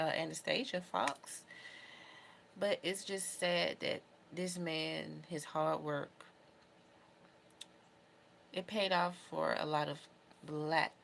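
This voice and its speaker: A young adult woman speaks casually to camera in a low voice with a gravelly edge. She talks in an emotional, heartfelt, rambling way. A faint background noise sits under the recording. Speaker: beauty vlogger.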